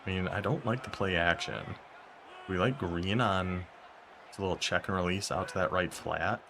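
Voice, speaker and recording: A young man commentating his own football video game as he plays, talking to himself and reacting with sudden excitement and frustration. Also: deep voice, vocal fry, slight background noise. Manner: talks to himself while playing, quick bursts of excitement and frustration. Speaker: gaming YouTuber. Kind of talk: live gameplay commentary.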